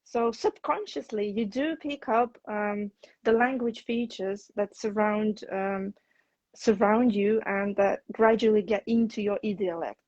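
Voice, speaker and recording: A woman English teacher hosting a relaxed conversation, explaining things in a measured, thoughtful way. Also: mid-range voice, no room sound. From outside the UK. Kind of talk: casual conversation on a video chat. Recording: dull lo-fi, dry sound.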